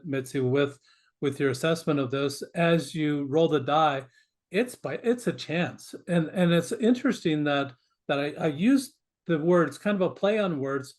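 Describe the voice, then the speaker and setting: A man speaking as a guest on an interview podcast, earnest and emphatic, often repeating words as he starts a thought. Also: fairly high pitch. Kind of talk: conversational interview.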